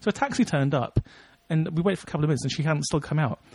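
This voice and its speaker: Husky young man telling a rambling story. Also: fairly high pitch, expressive, racing, darkish tone, dry recording. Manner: rambling anecdotes with frequent laughs. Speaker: podcast co-host. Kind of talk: casual chat, storytelling.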